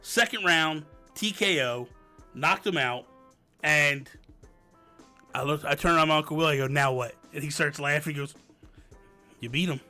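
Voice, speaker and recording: A man in his thirties chats on a home live stream, with faint music playing under him. His voice sits a little high and sounds bright and forceful, and he throws himself into the stories, acting out each person's lines. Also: moderate pace. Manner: animated storyteller, acts out family dialogue. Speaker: livestream host answering viewer questions. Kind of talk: casual live-stream chat and storytelling. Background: light background music.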